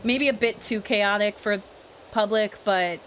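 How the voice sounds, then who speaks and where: A young woman streamer chats casually while she plays, answering chat and slipping into character voices. Her voice sits at a middle pitch. A faint hum of background noise runs under it. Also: unhurried, a bit bright. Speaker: streamer and voice actor.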